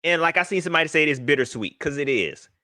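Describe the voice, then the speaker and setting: A man hosting a casual live sports talk stream, animated and shouting out viewers by name. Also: a little high, fast talker, no echo, clean studio sound. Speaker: livestream host.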